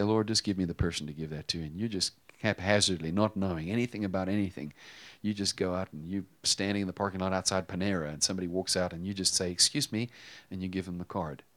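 Deep-voiced man preaching with hushed swells. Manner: animated, swings between loud emphasis and hushed tones. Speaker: pastor. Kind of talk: sermon storytelling.

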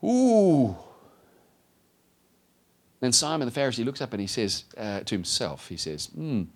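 Animated preacher man, lowish voice. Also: fast. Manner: animated, acts out voices of Bible figures. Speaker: pastor. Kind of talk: sermon.

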